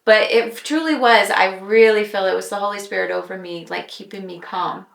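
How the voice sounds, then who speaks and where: Woman telling her story on a podcast, earnest and reflective, mid pitch, roomy echo. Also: vocal fry. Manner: earnest, reflective, speaks with pauses and fillers. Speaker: podcast guest. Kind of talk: personal testimony in casual chat.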